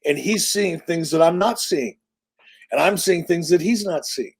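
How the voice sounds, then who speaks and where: The sixty-something interviewee has a fairly high voice with a breathy edge and takes his time speaking. Casual and animated, he tells punchy stories laced with profanity.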